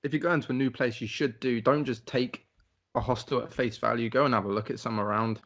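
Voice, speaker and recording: A man's voice: mid-range voice, steady tone, a little fast, a bit bright. A young man co-hosting a podcast, telling a travel story in casual chat, rambling and swearing with lots of "like".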